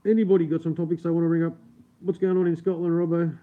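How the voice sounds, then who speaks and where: Speaking fast in a level tone, a man with a somewhat high voice and an Australian accent hosts a late-night livestream from home. He keeps his voice down as he chats casually, swears freely, and laughs often. The sound is tinny and phone-like.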